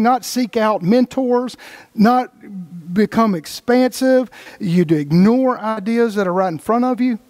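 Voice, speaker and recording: A man's voice: high-pitched, darkish tone, dry recording. A man giving a casual motivational talk to a group as its leader, blunt and folksy, swearing freely and acting out the voices of the people he quotes. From Texas.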